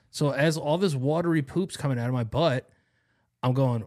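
A man's voice: on the high side, brisk, a little mellow. A young man hosting a podcast, telling a long story in casual chat, rambling and profane with lots of slang. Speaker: podcast host.

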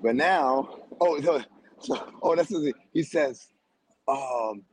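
A man on a podcast telling a story in a loud, animated way, laughing often and using lots of slang. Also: medium pitch, slow, husky, rough recording. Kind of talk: casual chat.

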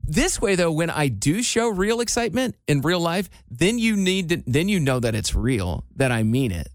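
A man co-hosting a podcast in casual chat, low-key and dry in how he reacts. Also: big pitch swings, normal speed, no echo. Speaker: podcast co-host.

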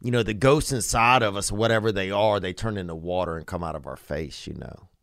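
A man's voice: deep voice, a little fast, a bit bright, dry recording, studio quality. Rambling, comforting male podcast host. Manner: loose, rambling, comforting, laughing asides. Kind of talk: casual podcast chat.

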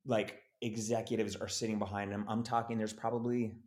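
A man with a fairly low voice tells a story in a relaxed interview. He is animated and jumps into the voices of the people in his story. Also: a little fast. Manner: animated, acts out quoted voices. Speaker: actor guest.

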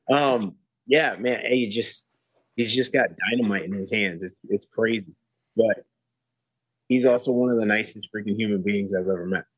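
A man's voice: fairly low pitch, moderate pace, breathy edge, dry recording, low-quality recording. A man talking casually as a guest, laid-back, with many fillers and restarts. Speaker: guest fighter. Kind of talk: casual chat.

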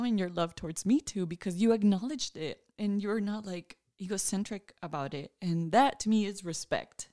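A woman's voice: medium pitch, dark tone, dry recording, clean studio sound. A woman co-hosting a podcast who speaks casually and often affirms her partner's words. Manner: responsive, affirming listener. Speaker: podcast co-host. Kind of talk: casual conversation.

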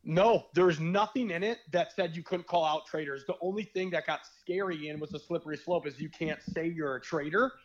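A man's voice: on the high side, fairly quick, hardly any pauses, muffled recording. A young man, a podcast guest, telling stories in a candid, rambling way with slang and the odd swear word. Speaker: podcast guest, former reality show contestant. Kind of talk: casual podcast chat.

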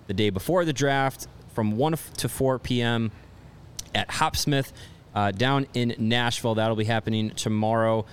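A man co-hosting a sports podcast in casual chat, talking loosely with lots of restarts and halting phrases. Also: mid-range voice, clear, resonant tone. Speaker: podcast co-host.

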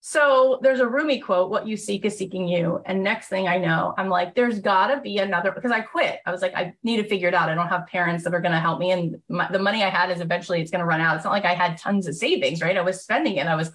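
A woman in her thirties telling her own story in a lively way, often acting out the voices of people she quotes. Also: fairly low pitch, quick pace, hardly any pauses. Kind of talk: animated personal storytelling.

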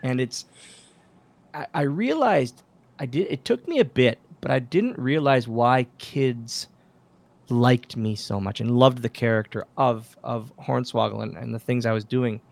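A man, a former pro wrestler, telling backstage stories as a guest in a casual interview, lively and full of acted-out quotes. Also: medium pitch, measured pace, gravelly. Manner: animated anecdotes, acts out quoted dialogue, many restarts. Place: podcast studio.

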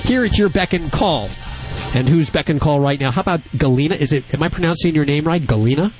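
A man's voice: fairly high pitch, fast, soft background music. A man hosting a radio talk show, joking and teasing his guests. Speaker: radio host.

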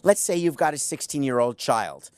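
A man's voice: mid-range voice, big pitch swings, moderate pace, darkish tone, smooth, no echo, studio quality. Emphatic male sports talk host. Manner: emphatic, rhetorical questions, spelling out words. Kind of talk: opinionated sports talk monologue.

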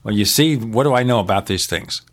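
A man's voice: lowish voice, brisk, no room sound, studio quality. An older American man co-hosting a casual chat, telling movie and TV trivia with enthusiasm. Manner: chatty, enthusiastic storyteller. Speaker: co-host.

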